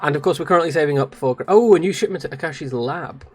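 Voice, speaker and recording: Talking fast through a streaming mic, this Englishman has a fairly high, darkish, slightly rough voice. He gives relaxed live gameplay commentary, chatting with his audience, reading chat out loud, and poking fun at himself.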